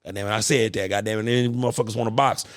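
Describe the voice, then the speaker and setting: Fast-talking profane podcast host, man. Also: fairly low pitch, no echo, clean studio sound. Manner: profane, animated ranting. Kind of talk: casual monologue.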